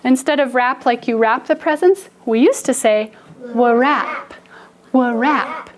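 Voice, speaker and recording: A woman's voice: sits high, lively intonation, normal speed. A young woman teacher giving a playful, story-style phonics lesson to children in a classroom. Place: classroom with kids.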